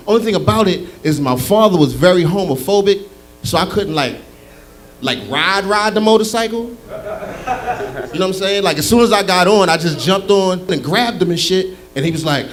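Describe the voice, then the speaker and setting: A man doing a stand-up set on a club stage, telling crude stories about his father in a loose, rambling way. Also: high-pitched. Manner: loud hype-man shouting, then rambling crude storytelling. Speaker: stand-up comedian.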